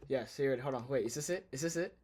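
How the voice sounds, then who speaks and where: A young man streaming a casual reaction, talking loudly in slangy, animated exclamations. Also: medium pitch, fast, a little hiss or hum. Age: young adult.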